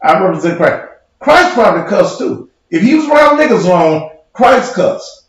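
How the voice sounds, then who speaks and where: A man's voice: sits high, sing-song, normal speed. A man who preaches and hosts his own show, in a heated livestream rant, profane, combative and mocking. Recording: very echoey room.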